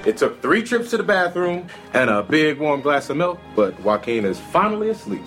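An actor playing a young adult nephew and husband, joking and teasing. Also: male voice, fairly high pitch, big pitch swings, moderate pace. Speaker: sitcom character. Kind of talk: studio sitcom acting. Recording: music and loud studio audience.

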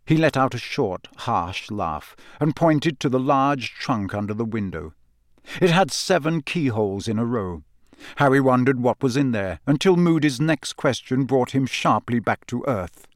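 A man reading a storybook aloud in a steady, measured narration. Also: mid-range voice, dry recording, clean studio sound. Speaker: audiobook narrator.

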